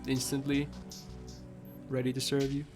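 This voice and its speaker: A man's voice: mid-range voice, monotone, unhurried. Joking male streamer over game music. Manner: joking, reads game lines aloud, frequent exclamations. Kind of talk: casual let's-play commentary. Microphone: desk microphone.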